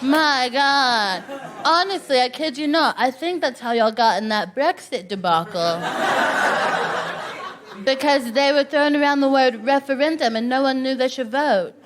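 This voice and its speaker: A woman hosting a stand-up show, doing animated crowd work with plenty of laughter. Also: high voice, unhurried, very noisy. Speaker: comedy host. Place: comedy club stage.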